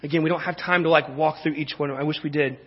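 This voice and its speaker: A man preaching a sermon as pastor, in a conversational, animated way with repeated phrases. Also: a little high, quick pace, husky, big-room sound, highs cut off.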